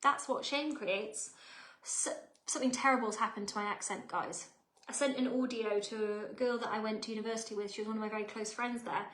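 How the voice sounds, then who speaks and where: An English woman in her thirties leads a live online coaching workshop, talking in a chatty, emphatic way and often asking her viewers questions. Her voice sits a bit high. The room around her sounds roomy and echoey. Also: fairly even intonation, fairly quick, a bit bright. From England. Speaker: wealth and mindset coach. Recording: roomy echo.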